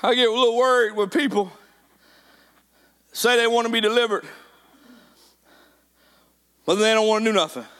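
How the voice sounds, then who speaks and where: Man preaching, very high voice, bright and forceful, chanting sermon cadence. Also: moderate pace, pauses often. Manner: shouting, sing-song preaching cadence with repeated lines.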